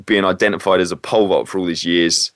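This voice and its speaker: A man's voice: deep voice, steady tone, quick pace, fairly bright tone, no echo, clean studio sound. A man, a former PE teacher, talks candidly and hesitantly in a casual interview. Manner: candid, hesitant, self-correcting.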